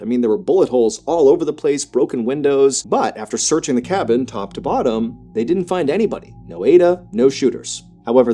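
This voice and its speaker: A man tells a true horror story conversationally, speaking quickly and leaning often on the filler "you know." In tense action his voice climbs sharply, getting high and loud. Faint music plays in the background.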